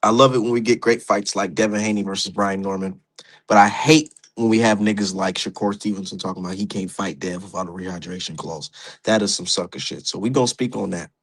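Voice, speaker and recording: A man's voice: lowish voice, steady tone, brisk. A man hosting a casual boxing livestream, talking loosely and profanely and laughing at his own jokes. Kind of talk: casual live-stream commentary.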